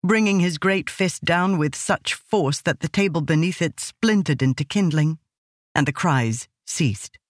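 A woman's voice: deep voice, no room sound. Woman reading a storybook, dry and close. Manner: measured, expressive storytelling. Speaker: audiobook narrator. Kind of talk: scripted narration.

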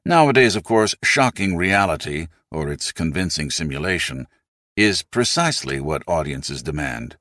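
A man narrating a nonfiction audiobook in a scripted, expressive and emphatic storytelling manner. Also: extremely low pitch, normal speed, dry recording, studio quality.

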